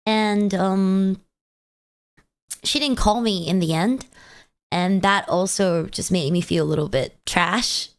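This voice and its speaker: Tearful woman streamer, smooth voice. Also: mid-range voice. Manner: halting, hesitant, self-conscious. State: tearful, crying. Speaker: VTuber streamer. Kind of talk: casual chat stream.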